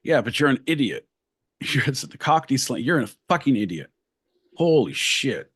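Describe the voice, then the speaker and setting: A man co-hosting a podcast, ranting and swearing loudly in crude comedic banter. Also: mid-range voice, sing-song, moderate pace, husky. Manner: loud, profane, ranting. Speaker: podcast co-host.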